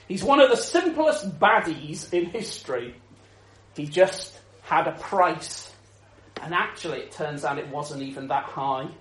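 A man preaching a sermon in an animated storytelling manner, chuckling often and restarting his sentences. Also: high voice, echoey room, poor audio.

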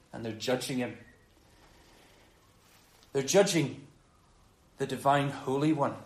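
A man preaching a sermon on a gospel passage in a conversational, animated way, dropping low and quiet for emphasis. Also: roomy sound, rough recording.

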